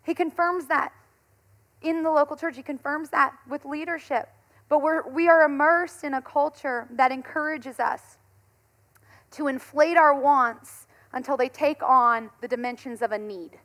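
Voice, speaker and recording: A woman in her thirties, a pastor giving a conversational sermon, telling stories in an animated way and laughing often. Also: sits high, measured pace.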